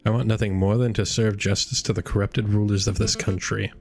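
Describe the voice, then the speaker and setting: A man's voice: fairly low pitch, level tone, fairly quick, vocal fry. A man doing a grim female revolutionary. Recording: game music behind.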